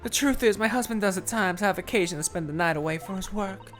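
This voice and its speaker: A woman's voice: medium pitch, fast talker, faint music behind, close to an everyday voice. A woman voicing a prim, anxious Victorian wife in a put-on accent halfway between Southern belle and British, reading game dialogue aloud. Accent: put-on mix of Southern belle and British. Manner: prim, fretful and overly formal. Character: anxious genteel Victorian wife, middle-aged.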